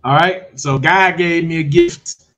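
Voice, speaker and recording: Guy with a high voice hyping up his online business course, keeps asking "you understand?". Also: measured pace. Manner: animated, talks straight to viewers with repeated check-ins. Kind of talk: casual livestream pitch.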